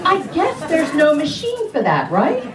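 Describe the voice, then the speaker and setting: A woman's voice: sits high, huge pitch swings, measured pace, heavy background noise. A middle-aged woman doing stand-up in a brash, sassy way, ribbing the crowd. She is picked up from a distance, so the room rings around her voice. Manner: brash, sassy, talks to the audience. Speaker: stand-up comedian. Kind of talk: stand-up comedy set. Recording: roomy sound from a distance.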